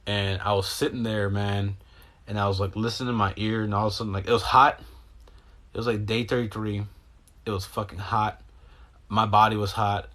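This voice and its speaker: Rambling, profane low-voiced man. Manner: rambling, profane, jumps between thoughts; animated, acts out his own reactions. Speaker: podcast host. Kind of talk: casual storytelling.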